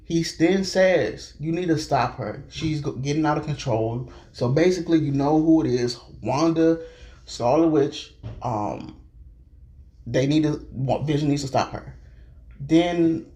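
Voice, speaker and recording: A man giving an excited, rambling and scattered casual recap, talking loosely and jumping around. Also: on the high side. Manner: loose, filler-heavy talk with restarts. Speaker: show recap vlogger.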